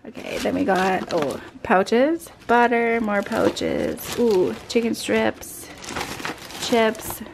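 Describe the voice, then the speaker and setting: A woman's voice: on the high side, animated, drawn-out words, gravelly, noisy background. A woman recording a casual family vlog on a handheld camera, chatty and giggly, with a nasal voice from a cold, talking sweetly to her children. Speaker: family vlogger.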